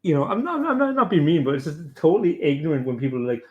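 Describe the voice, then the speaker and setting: A man's voice: fairly high pitch, racing, highs cut off. A young man chatting casually on a podcast panel, rambling and swearing as he tells stories about parenting. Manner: rambling, sweary, animated storytelling. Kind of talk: casual chat.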